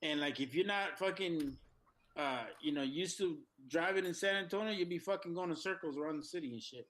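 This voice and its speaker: Man, co-host, loud profane ranting, high pitch, bright tone. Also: a little fast. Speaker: radio show co-host. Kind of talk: crude casual banter.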